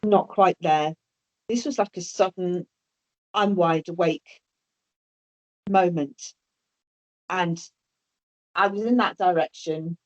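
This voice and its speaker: A woman's voice: fairly low pitch, slow pace, long pauses. A woman telling a personal story as an interview guest, hesitant and often repeating or restarting her words. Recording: dull lo-fi audio.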